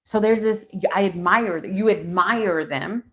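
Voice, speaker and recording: A woman's voice: medium pitch, unhurried. A woman in her forties doing a live tarot reading, musing aloud as she turns the cards and talks to viewers. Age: 40s. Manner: musing, thinking aloud between card pulls. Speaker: tarot reader.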